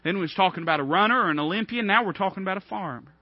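A man's voice: sits high, very fast, no room sound. A man preaching a sermon, emphatic and rising in bursts of repeated phrases. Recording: dull, dry lo-fi recording.

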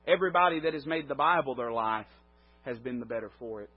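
A male preacher giving a sermon in an emphatic way, his voice swelling and then dropping low. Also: brisk, slightly rough. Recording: dull lo-fi recording.

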